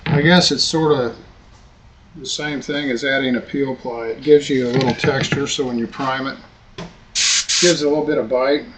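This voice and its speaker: A man talks through a hands-on demonstration on a live stream, at ease and thinking aloud as he works. His voice sits at a middling pitch. A steady hum of workshop noise runs clearly under his speech. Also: normal speed, pauses often. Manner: relaxed, thinking aloud while working. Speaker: model-making instructor. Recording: noisy workshop recording.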